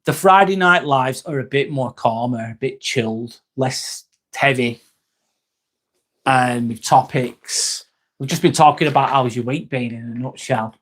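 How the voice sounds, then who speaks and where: An unhurried, medium-pitched and somewhat bright voice belongs to a man with an East Lancashire accent from Northwest England. He hosts a casual live chat reading viewer comments, friendly and relaxed, calling everyone mate and swearing freely.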